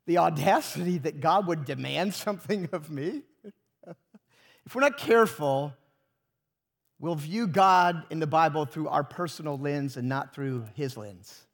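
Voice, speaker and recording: A man's voice: a little high, unhurried, gravelly. A pastor preaching a sermon to his congregation, emphatic and full of rhetorical questions.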